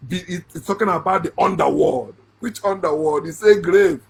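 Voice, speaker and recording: A middle-aged man with a Nigerian accent, an online Bible commentator, delivers a mocking monologue on a scripture passage. His voice is high, creaky and slightly rough, moving at a moderate pace. He's sarcastic, laughs often, and his remarks rise into shouts.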